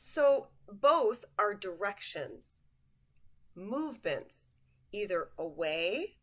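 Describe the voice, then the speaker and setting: Taking it slowly, a woman teaches basic words one at a time and patiently has the listener repeat each after her. Her voice is lowish, a bit bright, and animated.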